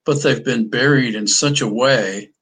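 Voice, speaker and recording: A man's voice: mid-range voice, measured pace, fairly bright tone, breathy edge, rough recording. A man in a podcast conversation, speaking earnestly and often restarting his sentences.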